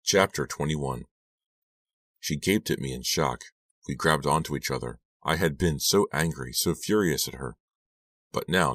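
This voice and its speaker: Man reading an audiobook, super deep voice, steady and measured, dry close sound. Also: no room sound. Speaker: audiobook narrator. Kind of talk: scripted narration.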